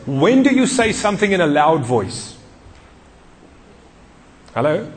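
A man preaching in a church with a fairly high voice. He drives each point home with repetition and questions to the listeners. His words ring out in a long echoing hall. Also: sing-song, takes it slowly. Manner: emphatic, repeats key phrases, questions the congregation. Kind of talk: sermon.

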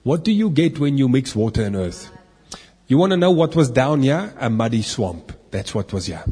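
A man's voice: medium pitch, sing-song, normal speed, mellow, breathy edge. A man teaching from the Bible to a live group, asking his listeners questions and making playful asides. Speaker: preacher. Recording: echoey hall.

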